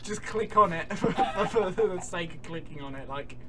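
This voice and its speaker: A man's voice: sits high, animated, moderate pace, very noisy. A man hosting a casual gaming chat, playful and laughing often. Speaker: channel host, gamer.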